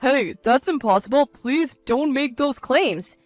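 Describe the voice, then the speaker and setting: A woman's voice: sits high, very animated, fairly quick, dry recording. A woman voicing a man, a blunt, arrogant company president who turns to whiny pleading, in a storybook reading.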